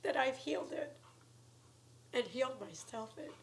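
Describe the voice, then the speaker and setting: Woman, emotional on-camera appeal, earnest and pleading, near tears; fry in the voice, faint noise behind. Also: high voice, moderate pace, low-quality recording. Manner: earnest, pleading, drops to soft whispery words. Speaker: YouTuber asking for donations. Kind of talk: emotional personal appeal to viewers.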